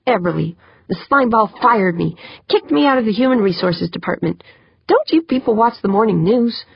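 A woman's voice: fairly high pitch, expressive, normal speed, vocal fry, slightly rough, no room sound, full character voice. A woman voicing an angry, foul-mouthed woman official, talking in a snappish, grumbling way. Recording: dull lo-fi dry.

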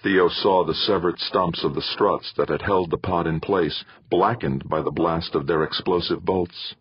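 A man narrating a story in scripted, expressive audiobook style. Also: low-pitched, measured pace, husky, no echo, dull audio.

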